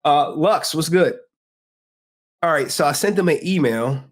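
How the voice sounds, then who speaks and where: A man hosts a casual livestream, joking loosely and speaking straight to chat in slang. His voice is a little high and his pace is measured.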